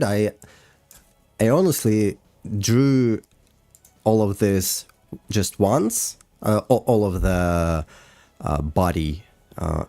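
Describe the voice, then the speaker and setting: Deep, slow-talking man, hesitant. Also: a little mellow, dry recording. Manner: hesitant, many fillers and restarts. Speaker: animator streaming a breakdown. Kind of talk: casual livestream chat. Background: faint music.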